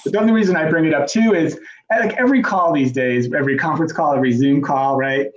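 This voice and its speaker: A man's voice: on the high side, fast talker, dull audio. A middle-aged man from the southern United States co-hosting a podcast, chatting in a rambling, self-deprecating way. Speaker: podcast co-host. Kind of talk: casual chat.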